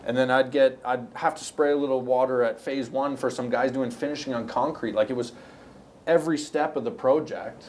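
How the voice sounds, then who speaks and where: A middle-aged Canadian man swaps stories from his years in construction, looping back on himself and restarting sentences as he goes. His voice sits at an ordinary middle pitch, with a faint hiss underneath it. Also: steady tone, fairly quick, darkish tone. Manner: rambling, anecdotal, frequent restarts. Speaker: podcast guest, construction company owner. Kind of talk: casual storytelling.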